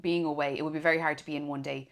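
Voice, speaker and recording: An Irish woman in her thirties, a former police officer, telling stories in a relaxed chat and acting out the voices of people she quotes. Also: low-pitched, racing. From Ireland. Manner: animated storyteller, acts out quoted voices. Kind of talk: casual conversation.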